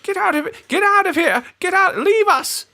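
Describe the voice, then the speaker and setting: A man's voice: lively intonation, normal speed, bright, forceful tone, full character voice. A man voicing a feeble, nasty old woman who shrieks at intruders in a tabletop game. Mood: furious. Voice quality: shrill and screechy.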